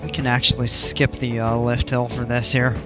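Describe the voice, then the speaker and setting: A man's voice: medium pitch, flat delivery, moderate pace, music in the background. A man casually commenting on a game during a live stream, chatting with viewers in an easygoing, rambling way.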